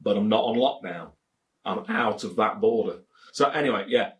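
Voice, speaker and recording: A man's voice: fairly low pitch, normal speed. A man from England with a Leicestershire accent, chatting casually to camera as a beer reviewer, rambling and jokey and repeating his phrases.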